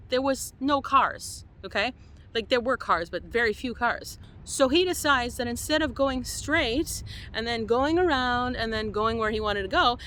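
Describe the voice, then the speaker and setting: A young woman from Quebec telling a story to camera as a van-life vlogger, animated and exasperated. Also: a little high, a little hiss or hum. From Quebec, Canada.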